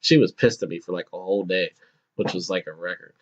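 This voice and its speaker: A podcast host in his thirties tells a long personal story casually, laughing often, restarting sentences and acting out voices. His voice sits low and he talks fast, with the audio muffled and lo-fi.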